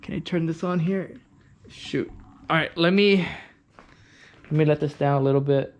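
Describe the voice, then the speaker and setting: A man's voice: a little high, normal speed. A man demonstrating a scooter repair in his garage, frustrated, with frequent restarts and mild swearing. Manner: frustrated, swears mildly, repeats himself. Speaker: scooter mechanic. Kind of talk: casual vlog demonstration. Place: home garage.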